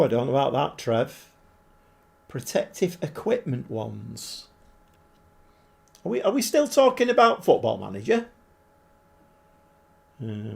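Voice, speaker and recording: High-pitched and creaky, this livestreamer talks casually through a football management game while chatting with viewers. He swears mildly here and there.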